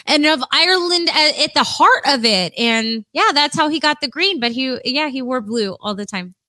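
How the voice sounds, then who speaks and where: Higher-pitched lady, bright voice, giggly casual podcast chat, dry sound. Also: dry recording. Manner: playful, giggly, teasing. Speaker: podcast co-host.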